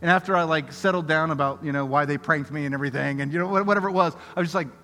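A middle-aged man preaching a sermon, telling a story in a lively, conversational way, going from loud excitement to quiet earnest appeals. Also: a little high, fast talker. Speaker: pastor. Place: church auditorium. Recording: music under voice in a reverberant hall.

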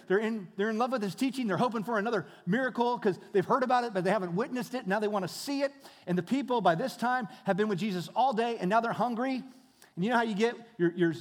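A man preaching a sermon as a pastor, talking conversationally, asking rhetorical questions and repeating his phrases. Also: sits high. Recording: reverberant hall.

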